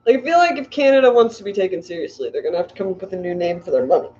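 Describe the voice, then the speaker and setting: A woman's voice: on the low side, expressive, rapid-fire, warm tone. A middle-aged woman rambles cheerfully to her viewers, giggling and stacking up likes. The audio is muffled, like a lo-fi stream. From United States. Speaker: fishkeeping livestream host. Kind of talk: casual livestream chat reading comments.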